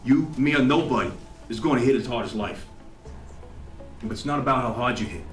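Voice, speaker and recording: A man's voice: mid-range voice, a little fast, soft background music, natural voice. Rocky Balboa, as a man quotes him. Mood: gruff pep talk. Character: tough aging male boxer giving a gruff pep talk. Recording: echoey hall, faint ambience.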